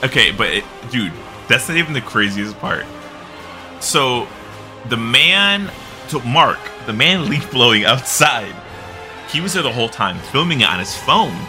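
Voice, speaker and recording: A man telling a wild neighborhood story on a podcast, talking with a lively voice that rises and falls a lot. He laughs as he goes and acts out the quotes. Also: medium pitch, unhurried, over music. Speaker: podcast host. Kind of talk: casual storytelling.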